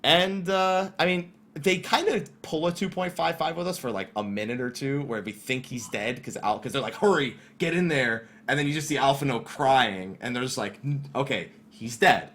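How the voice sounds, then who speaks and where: A man's voice: medium pitch, moderate pace, few pauses, a bit bright. A man hosting a podcast, talking casually with swearing and mock-quoting characters as he goes. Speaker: podcast host.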